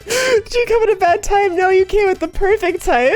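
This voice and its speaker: A young woman livestreamer in casual chat, giggly and excitable, rambling chaotically to her viewers. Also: very high-pitched, normal speed, hardly any pauses, soft background music. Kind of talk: casual live-stream chat.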